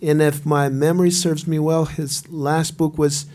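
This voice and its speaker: Man with a Brazilian accent, debate moderator; halting, searching speech, pitched a little high. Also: little pitch movement, warm tone. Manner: hesitant, halting, searching for words.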